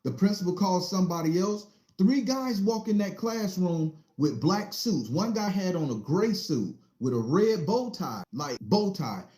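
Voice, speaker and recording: A man's voice: high voice, sing-song, unhurried, hardly any pauses, mellow, reverberant. A man casually telling a childhood story in a rambling, profane, vivid way.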